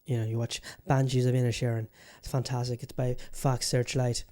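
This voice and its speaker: A male podcast host talking on his own in a loose, casual way. He rants with animated disbelief, swears freely, and keeps circling back to the same point while he tries to calm himself. His pitch sits in the middle. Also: a little fast. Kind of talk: casual solo podcast talk. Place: Bangkok, Thailand.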